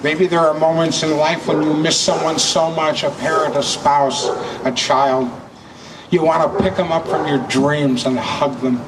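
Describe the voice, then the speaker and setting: A man's voice: fairly high pitch, steady tone. A man solemnly reading a reflective piece aloud at a memorial. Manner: measured, solemn recitation. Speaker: memorial speaker. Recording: distant mic, noisy room.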